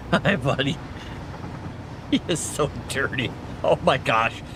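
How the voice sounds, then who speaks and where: A man with a medium-pitched voice speaks slowly while streaming a video game from home, chatting casually and stopping to coo at his cat in baby talk. There's noise in the background.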